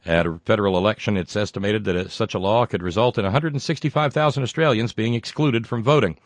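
A man's voice: fairly low pitch, quick pace, dry recording. Wry older American man, dry close mic. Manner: wry, digressive, reads letters aloud with asides. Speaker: show host reading listener mail. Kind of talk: casual talk show.

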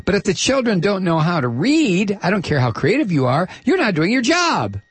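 A man's voice: high-pitched, very animated, moderate pace, husky, no room sound, voice pushed up, exaggerated voice. A man putting on the voice of a blunt, dismissive woman official, mocking and sneering. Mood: scornful.

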